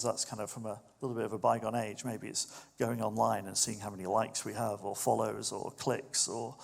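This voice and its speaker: A man preaching a sermon in a relaxed, conversational way, turning lively when he acts out what others say. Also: lowish voice, vocal fry. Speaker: pastor.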